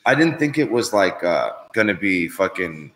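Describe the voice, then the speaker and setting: Man, stream host, casual chat, swears a lot, low-ish pitch, bright forceful tone. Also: big pitch swings, normal speed. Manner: laid-back, swears constantly, rambling. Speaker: show host on a live stream. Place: visiting Canada, indoors.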